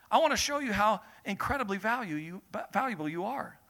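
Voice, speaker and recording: Energetic bright-voiced male preacher. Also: high-pitched, brisk, few pauses. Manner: energetic, builds to emphatic peaks, calls on the congregation to respond. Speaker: pastor. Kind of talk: sermon reading scripture with commentary. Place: church service with congregation.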